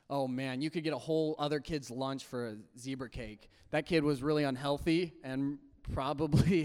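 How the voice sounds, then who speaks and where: A young man with a high, smooth, resonant voice tells a comic childhood story to a live crowd. He is animated and keeps switching into squeaky high voices to play his younger self. The sound rings with a long reverb, as in a large hall. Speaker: storyteller speaking to a youth audience.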